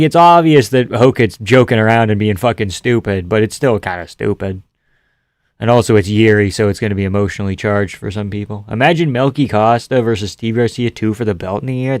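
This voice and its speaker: A man's voice: fairly low pitch, a little mellow, no echo. Male streamer, casual rambling chat, reads comments aloud, dry close mic. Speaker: livestream host.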